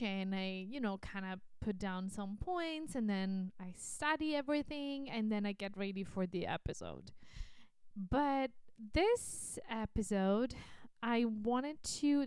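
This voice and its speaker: A woman's voice: medium pitch, clear, resonant tone, no echo. A woman in her thirties hosting her own podcast, talking frankly about herself, swearing casually and repeating words for emphasis. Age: 30s. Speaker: podcast host. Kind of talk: candid solo podcast talk. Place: at her desk with a computer.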